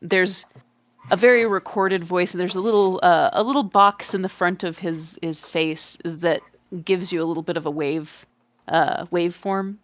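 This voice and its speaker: A woman narrating as game master of a tabletop game, slow and descriptive with many fillers. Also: on the low side, steady tone.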